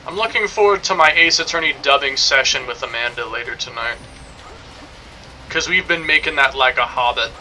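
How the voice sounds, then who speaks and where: Bright-voiced joking young man streamer. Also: medium pitch, fairly quick, soft background music, rough recording. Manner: rambling, jokey, swears casually. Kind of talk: casual gameplay commentary.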